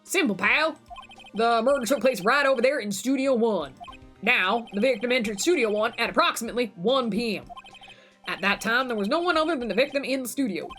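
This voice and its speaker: Woman voicing a blustery Southern detective guy for a game read, lively pitch swings. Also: fairly quick, faint music behind. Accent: put-on Southern US. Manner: blustery, says "pal" a lot. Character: gruff Southern male police detective, bumbling.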